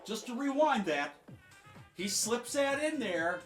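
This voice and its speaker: A man's voice: very high-pitched, big pitch swings, slow pace, echoey room, soft background music. A man giving sarcastic, mocking political commentary over clips. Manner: sarcastic, mocking, swinging loud to soft.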